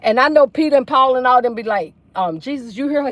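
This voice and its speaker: A woman's voice: high-pitched, brisk, hardly any pauses. A woman hosting a casual livestream from inside a car, chattily reading out viewer comments. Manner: chatty, reads viewer comments aloud, folksy. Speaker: livestream host.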